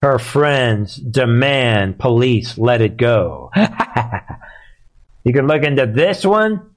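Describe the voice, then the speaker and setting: A man's voice: medium pitch, big pitch swings, slow pace. A man hosting live political commentary, sarcastic and heated, and he often laughs.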